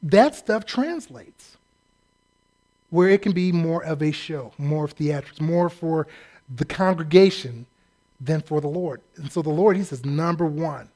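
A pastor preaching a sermon in a humorous, conversational, self-deprecating way. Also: male voice, a little high, measured pace, dark tone.

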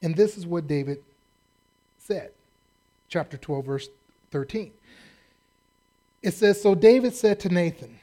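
Male pastor, slightly higher voice, casual joking sermon delivery. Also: a little slow, long pauses. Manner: folksy, animated storytelling with humor.

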